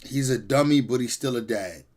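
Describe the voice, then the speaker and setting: A man hosting casual reaction commentary in a blunt, slangy way, jumping from outbursts to low mutters. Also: moderate pace, darkish tone. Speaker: host reacting to a video.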